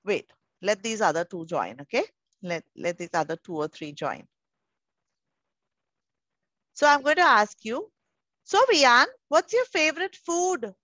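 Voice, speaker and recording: A woman's voice: fairly high pitch, big pitch swings, normal speed, a bit bright, dry recording. A woman with an Indian English accent teaching pre-school children over a video call, coaxing and affectionate, calling them darling. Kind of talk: online class with young children. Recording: muffled video call audio.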